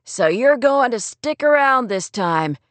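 An excitable teenage boy, cheeky and eager, his voice pitched high and loud, as a woman narrator puts him on in a storybook. The sound is dry and close. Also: a little slow, dry recording. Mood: excited.

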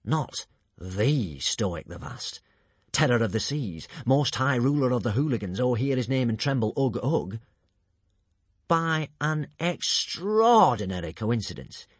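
A man voicing a sly, charming male con man who talks in a soft, ingratiating, overly polite manner. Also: mid-range voice, big pitch swings, unhurried, slightly rough, dry recording. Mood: smarmy.

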